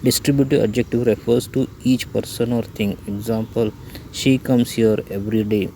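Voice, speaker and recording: A man teaching English grammar, reading out definitions and example lists one by one in a slow, even recitation. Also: fairly low pitch, gravelly, a little hiss or hum, poor audio. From India.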